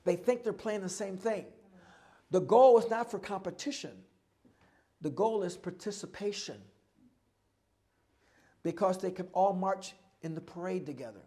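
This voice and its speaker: A middle-aged man telling stories at a live oral history event, animated, acting out voices and rhythms as he goes. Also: high-pitched, unhurried, long pauses. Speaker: guest speaker.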